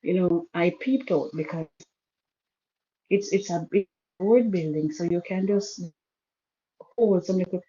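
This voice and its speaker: A woman caller on a call-in show, softly and haltingly telling a painful personal story, with many restarts. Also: lowish voice. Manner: soft-spoken, halting with restarts. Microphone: phone call. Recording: muffled poor phone line.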